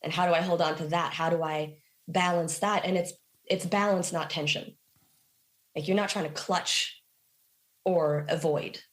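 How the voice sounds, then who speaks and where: A woman musician being interviewed, telling stories in a reflective, animated way with casual fillers. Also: low voice. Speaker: guest musician. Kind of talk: conversational interview.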